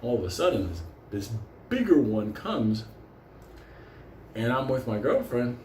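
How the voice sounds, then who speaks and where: Recounting a street fight from when he was young, the man speaks in a mid-range voice with big pitch swings, a slightly slow pace and a darkish tone. The telling is loose, profane and rambling, punctuated by laughs, and the echoey room adds faint ambience plus a little hiss or hum.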